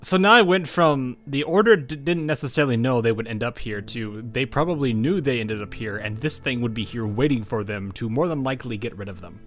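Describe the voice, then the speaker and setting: A man's voice: medium pitch, fairly quick, few pauses. A man streaming gameplay with commentary, who laughs often and exclaims. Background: game music.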